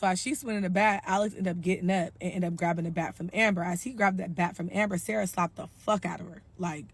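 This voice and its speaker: A woman telling a story in a casual, animated, slangy way, cursing freely. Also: on the low side, fast talker, husky. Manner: animated, slangy, profane gossip.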